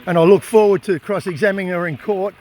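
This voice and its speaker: Australian male activist, high voice, defiant and indignant, phone-filmed, faint noise behind. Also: fairly even intonation, fast, a little mellow. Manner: defiant, indignant, raises his voice to make points. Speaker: animal rights activist. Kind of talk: impassioned filmed monologue and confrontation. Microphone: phone camera held by speaker.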